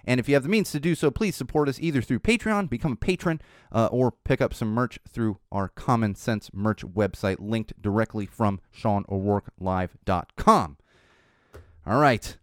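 A man's voice: fairly low pitch, animated, a little slow, no room sound. A man hosting his own podcast, delivering a blunt, profane, impassioned rant and then his sign-off from a studio. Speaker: podcast host. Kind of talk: ranting solo podcast commentary.

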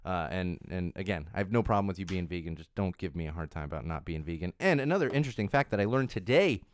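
A man in his thirties hosting a casual talk segment, rambling along and correcting himself as he goes. His voice sits a little low and comes through smooth and clear. The sound is dry and close, with no room echo. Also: expressive, fast talker. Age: 30s. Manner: chatty, rambling, self-correcting with frequent restarts. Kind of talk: casual chat on social trends.

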